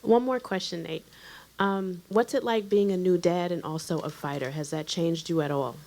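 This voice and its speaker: A woman's voice: lowish voice, normal speed, creaky, a little mellow. A woman reporter asking short, direct questions at a press conference.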